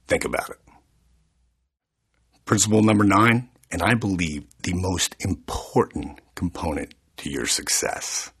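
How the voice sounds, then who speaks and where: Husky, lively motivational speaker man. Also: on the low side. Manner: storytelling, animated, plays out scenes. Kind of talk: motivational talk on an audio CD.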